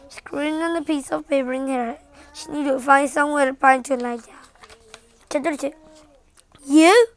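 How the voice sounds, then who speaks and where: A woman with a Mandarin-speaking background reading a children's bedtime story aloud in English, halting at times with slips and restarts. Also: sits high, fairly even intonation.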